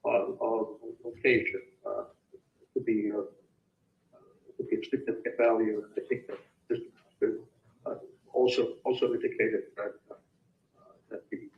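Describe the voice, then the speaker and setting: Man, expert witness, hesitant halting speech, tinny phone-like video call, roomy echo. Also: fairly low pitch, little pitch movement. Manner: hesitant, halting, full of fillers. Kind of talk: remote court testimony.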